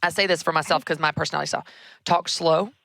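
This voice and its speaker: A woman, hosting a show and giving emphatic, animated career advice. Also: sits low, quick pace, vocal fry, no room sound. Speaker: podcast host. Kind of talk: conversational advice.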